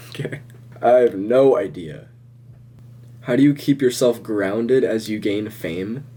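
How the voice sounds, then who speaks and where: Young guy doing a chill q&a vlog, kinda low voice, rambly, laughs a lot. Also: takes it slowly, breathy edge. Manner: relaxed, rambling, chuckles often. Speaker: social media creator answering viewer questions. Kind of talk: casual Q&A vlog.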